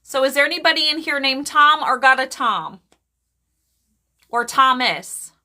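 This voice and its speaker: Speaking in a high-pitched voice, this female psychic medium does live readings for her viewers. Her manner is chatty and lively, punctuated by frequent laughter and fast remarks to the chat.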